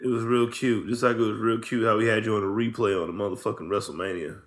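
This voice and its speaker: A man co-hosting a podcast, throwing in slow, drawling reactions and jokes. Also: lowish voice, steady tone. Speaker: podcast co-host. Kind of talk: casual chat.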